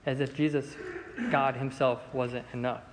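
A man leads a Bible lesson in an easy, chatty manner, stumbling into restarts and filler words. His voice sits at an ordinary pitch. It carries a long reverb from a large room, with faint ambient noise behind it. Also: moderate pace. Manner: relaxed, conversational, with many fillers and restarts. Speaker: Bible study teacher.

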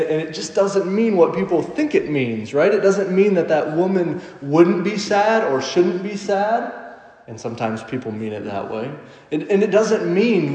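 A man in his late twenties preaching a sermon in a church hall, reading scripture slowly and emphatically, then joking casually with the congregation. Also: sits high, darkish tone. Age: late 20s. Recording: echoey hall with long reverb.

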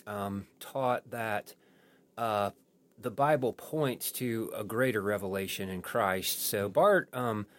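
A man who is a pastor, talking through a sermon on a podcast in a thoughtful way with frequent restarts. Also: on the low side. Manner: thoughtful, halting with many restarts. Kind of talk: post-sermon podcast discussion.

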